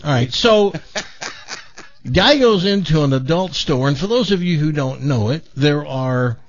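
A man on talk radio tells a long joke with lots of rise and fall in his voice, slipping into the characters' lines. His voice sits a little high for a man. The broadcast sound is dull and lo-fi. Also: a little slow, slight background noise. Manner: animated joke-telling, voicing characters in quotes. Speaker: radio show host. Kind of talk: telling jokes on talk radio.

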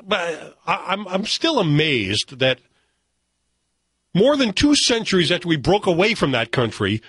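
A man's voice: fairly high pitch, sing-song, measured pace, a bit bright, husky, no room sound. Wry conversational male radio host. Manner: wry, conversational, reads news items aloud. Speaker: radio talk show host. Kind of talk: casual radio chat.

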